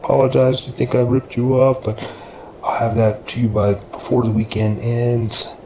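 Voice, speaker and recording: A man voicing a small-time hustler who talks fast to get out of trouble. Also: medium pitch, flat delivery, pitched above the performer's own voice, close to an everyday voice. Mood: pleading. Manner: pleading, rushed. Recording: echoey room with background noise.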